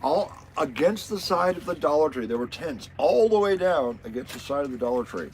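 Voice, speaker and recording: Lively, wry male livestream host. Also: a little high, fairly quick, a little hiss or hum, low-quality recording. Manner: lively, wry, greets viewers. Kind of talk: casual livestream chat.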